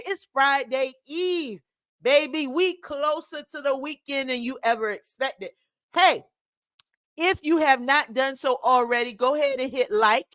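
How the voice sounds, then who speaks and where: Brief: woman podcast host with a Philadelphia accent, high bright voice, unhurried drawn-out delivery, hypes the crowd. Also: no room sound, clean studio sound. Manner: hype, preacherly call-and-response, repetitive. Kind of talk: energetic podcast opening.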